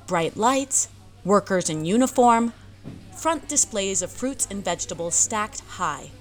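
A young woman narrates her own story, wry and quick to poke fun at herself. Her voice sits a little low. The delivery is plain, first-person storytelling. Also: slight background noise. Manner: wry, self-deprecating. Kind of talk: audiobook narration.

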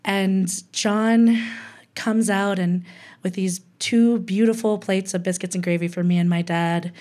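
A woman's voice: medium pitch, fairly even intonation, a little slow, a little mellow. A woman from Hawaii telling a personal story in a candid, humorous way, laughing between lines.

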